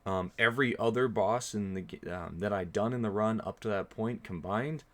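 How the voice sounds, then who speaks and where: A young man commenting on his own horror-game stream in a slightly low voice. He rambles casually to his viewers, dropping lots of ums and restarts. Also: moderate pace, a bit bright.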